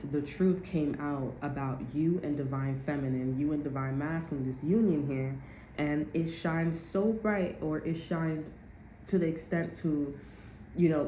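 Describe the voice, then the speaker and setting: Low mellow woman doing a blunt sweary tarot reading, echoey room. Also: a little hiss or hum. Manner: blunt and profane, acting out other people's voices. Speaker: tarot card reader.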